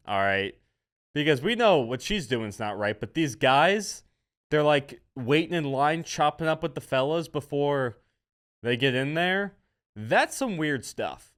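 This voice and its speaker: A man's voice: mid-range voice, a bit bright. A young man hosting a comedy vlog, ranting in a rambling, mocking way and repeating his catchphrases.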